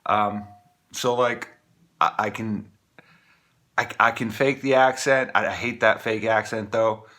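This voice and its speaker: A man from Maine talking casually to camera, rambling with many halting restarts. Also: on the low side, fairly even intonation, sharp tone. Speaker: vlogger.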